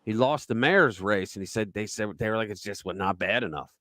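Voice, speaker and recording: This political commentary host has a lowish, bright, forceful voice recorded at studio quality with no echo. He talks emphatically and conversationally, retelling stories sprinkled with quick asides.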